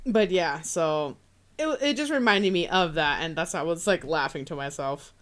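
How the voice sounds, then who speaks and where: A woman's voice: deep voice, lively intonation, normal speed. A young woman co-hosting a podcast, chatting casually, swearing often and laughing through her stories. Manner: profane, giggly storyteller. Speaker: podcast co-host. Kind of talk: casual chat.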